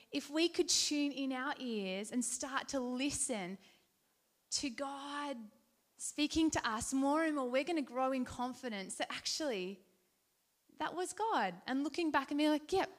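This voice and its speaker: A woman giving a devotional talk, telling a personal story in a conversational, heartfelt way with fillers and restarts. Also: high-pitched. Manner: earnest and heartfelt. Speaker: Christian speaker.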